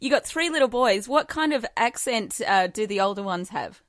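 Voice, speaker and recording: A woman's voice: fairly high pitch, expressive, moderate pace, no echo, studio quality. A woman hosting a radio interview, friendly and teasing with her guest. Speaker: radio host.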